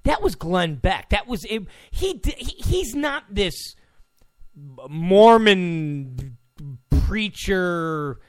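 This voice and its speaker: A combative man hosts a political commentary monologue and hammers his points by repeating them. His pitch is fairly high and swings widely. He talks slowly into a dry, close mic. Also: sing-song, no echo. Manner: combative, repeats phrases for emphasis.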